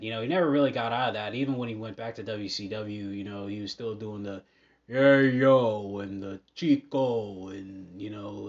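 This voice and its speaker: A man hosting a podcast, talking casually in a halting way with many fillers and restarts. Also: lowish voice. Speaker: podcast host. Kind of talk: casual monologue. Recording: dull lo-fi audio.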